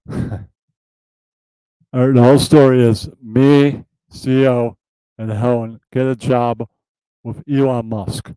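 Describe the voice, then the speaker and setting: Rambling, mellow-voiced puppet show host. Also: male voice, medium pitch, flat delivery, slow, pauses often, clean tone, no room sound, low-quality recording. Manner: loose, rambling, explains the plot. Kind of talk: casual comedic puppet show.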